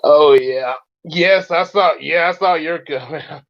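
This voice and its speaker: A man hosting a casual reaction chat, rambling and halting with many restarts. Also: fairly high pitch, dull audio. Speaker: host.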